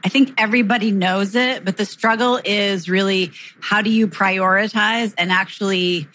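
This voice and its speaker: A woman's voice: mid-range voice, steady tone, moderate pace, few pauses, a bit bright, a little hiss or hum. A woman co-hosting a podcast in casual chat over a remote call, laying out her point step by step in an earnest way. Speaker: podcast co-host.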